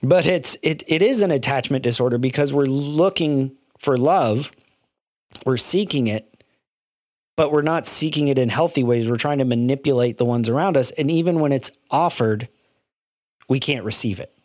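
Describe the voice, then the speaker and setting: A man's voice: mid-range voice, moderate pace, a little mellow, no room sound. Male co-host, mid-range voice, earnest and reflective, dry close-miked sound, casual podcast talk. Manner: earnest, reflective, many restarts. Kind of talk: casual faith-based film discussion.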